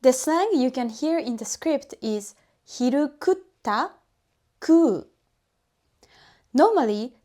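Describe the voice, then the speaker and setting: A woman's voice: on the high side, dark tone. A woman language teacher explaining patiently and methodically, breaking down spoken examples step by step.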